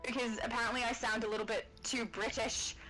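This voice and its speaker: A woman's voice: on the high side, level tone, brisk, sharp tone, rough recording. An Australian woman rambling and laughing as she chats with viewers while streaming a game. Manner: rambling, chatty, laughs often. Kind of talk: casual live-stream chat while gaming. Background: game music.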